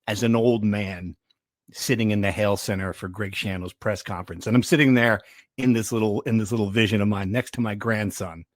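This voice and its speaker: A man's voice: on the low side, no echo, studio quality. A man hosting a sports podcast, chatting casually and telling rambling stories with many restarts. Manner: rambling, self-interrupting storyteller. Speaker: podcast host.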